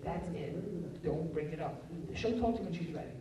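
A man giving a live talk on parenting, animated and acting out family scenes in quoted voices. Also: a little high, moderate pace, slight background noise. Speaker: parenting lecturer. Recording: roomy echo, speaker far from the mic.

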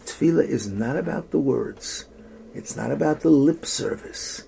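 A rabbi telling a story in a sermon, with dramatic storytelling that drops to a hushed whisper for emphasis. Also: male voice, mid-range voice, expressive, unhurried, vocal fry, a little hiss or hum.

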